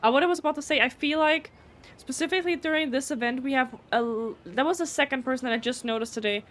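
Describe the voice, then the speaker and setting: A woman's voice: high voice, fast, a bit bright. Chatty, blunt woman streamer. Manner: chatty, blunt, swears casually. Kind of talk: casual live gameplay commentary.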